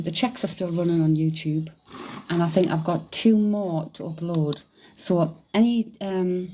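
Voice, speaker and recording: A middle-aged woman, chatting casually on a livestream, excitable, laughing often and swearing freely. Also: on the low side, a little hiss or hum. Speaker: psychic medium livestreamer. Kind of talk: casual livestream chat reading comments.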